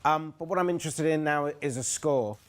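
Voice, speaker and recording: A man hosts a comedy game show with upbeat, playful patter. His voice sits a little high for a man. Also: fairly quick, clear, resonant tone.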